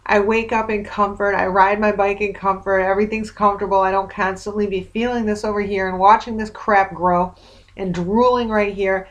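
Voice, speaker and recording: Woman vlogger, mid-pitched, venting to camera, rambling and wry, plainly exasperated. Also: fairly even intonation, moderate pace, a bit bright. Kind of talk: casual video diary.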